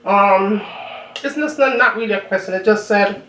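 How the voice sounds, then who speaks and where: On her cooking channel, a woman from Jamaica eats and chats casually with her audience, talking between bites in a strong Jamaican accent. She speaks at a moderate pace with a medium pitch and fairly bright tone, captured by a distant mic with roomy echo and faint room noise.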